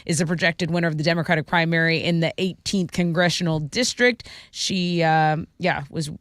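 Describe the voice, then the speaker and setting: A woman's voice: sits low, normal speed, a bit bright, no room sound, clean studio sound. A woman co-hosting a radio show in casual chat, reading items aloud and laughing easily.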